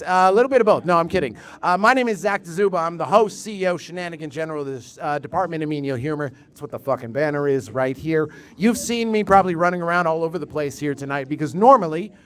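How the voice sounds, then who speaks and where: A man with a slightly high voice hosts a live comedy night in a bar. He rambles energetically and swears casually as he talks up his show to the audience. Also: fast talker, a bit bright. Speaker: host and producer of the show.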